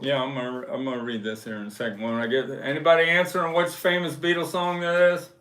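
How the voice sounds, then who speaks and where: A man hosting a casual livestream, telling a story slowly and with emphasis and reading viewer messages aloud. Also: medium pitch, little pitch movement, a bit bright. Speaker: livestream host. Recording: echoey room.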